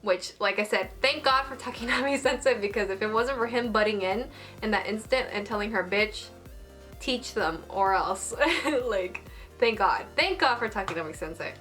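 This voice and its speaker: Young woman, anime review, chatty and animated, fairly high voice, faint music behind. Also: brisk. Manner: animated, chatty, swears casually. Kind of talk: casual episode review.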